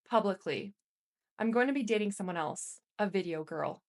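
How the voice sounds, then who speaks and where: A woman's voice: medium pitch, lively intonation, moderate pace, natural voice. A woman reading aloud the lines of a controlling grown man speaking on the phone, in a curt, defensive way close to her own voice.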